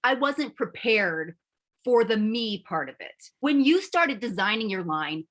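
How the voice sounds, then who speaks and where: A woman's voice: fairly high pitch, very animated, unhurried, a bit bright. A woman, likely in her forties, hosting a conversational interview, asking curious, chatty questions. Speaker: interview host.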